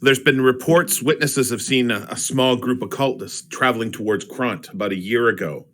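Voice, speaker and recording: A man's voice: mid-range voice, moderate pace, fairly bright tone, slight background noise. A man playing a tabletop game, speaking hesitantly and repeating words as he searches for them. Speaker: player. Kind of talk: tabletop role-play chat.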